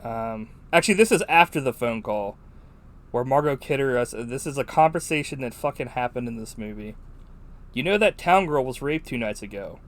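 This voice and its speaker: A man's voice: medium pitch, lively intonation, normal speed. A man co-hosting a podcast, chatting casually about a film in a rambling, profane way with many fillers. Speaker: podcast co-host.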